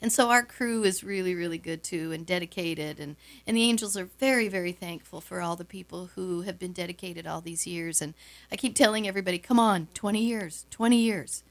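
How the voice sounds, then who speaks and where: A middle-aged woman talks as a radio guest, warm with stories and quick to laugh. Her voice carries a steady gravelly fry. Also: on the low side. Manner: chatty storyteller, quick laughs. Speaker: guest, show emcee. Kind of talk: casual radio interview chat. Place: radio studio.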